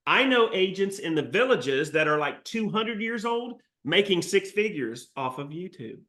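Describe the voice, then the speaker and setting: A man giving an energetic, joking live training session to real estate agents. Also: high voice, normal speed. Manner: energetic, jokey, salesy pep talk.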